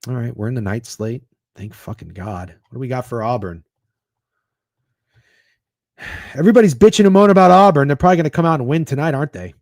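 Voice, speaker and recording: A man's voice: medium pitch, lively intonation, fast, long pauses, darkish tone, dry recording, clean studio sound. A man hosting a sports betting stream, chatting casually in a rambling, profane, sarcastic way. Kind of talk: casual livestream chat.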